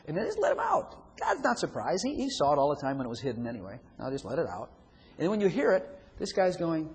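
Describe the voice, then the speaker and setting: Animated preacher man in an echoing hall. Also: fairly high pitch, fast talker, breathy edge. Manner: acts out inner voices, chuckling often. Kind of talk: sermon. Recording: long hall reverb, faint room noise.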